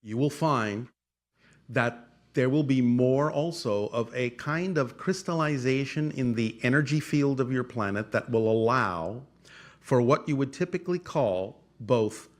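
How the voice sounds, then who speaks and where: A man speaking as a channeler, answering audience questions in a formal, measured cadence with repeated phrases. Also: medium pitch. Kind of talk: channeled spiritual talk.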